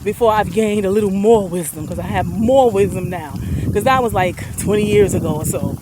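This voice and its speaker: A woman's voice: medium pitch, a little fast. Breathless chatty woman, traffic behind. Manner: chatty, laughs often, turns earnest and soft. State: out of breath and sweaty. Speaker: vlogger. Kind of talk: personal storytelling to viewers. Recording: traffic noise behind her.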